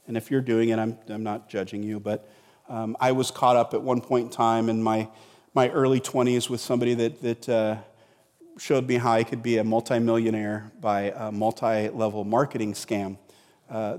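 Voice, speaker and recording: A man's voice: mid-range voice, in a large hall. A middle-aged man preaching a sermon in a conversational way, repeating words and asking rhetorical questions. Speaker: pastor.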